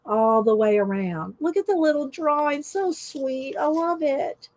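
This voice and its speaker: A chatty woman with a slightly high voice talks casually from home and reads stories aloud with lively expression. She laughs often as she goes. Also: measured pace. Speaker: art journaling video host. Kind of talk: casual chat, reading aloud.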